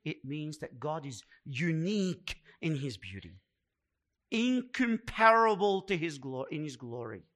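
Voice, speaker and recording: A man's voice: high voice, bright, forceful tone. A man preaching a sermon as pastor, emphatic and repeating words for weight.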